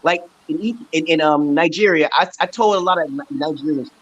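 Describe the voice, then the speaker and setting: A man's voice: fairly high pitch, a little fast, breathy edge, rough recording. A man from Brooklyn, New York, hosting a stream and giving casual language advice in an emphatic way, often checking in with "okay". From Brooklyn, New York, USA. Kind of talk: casual teaching chat.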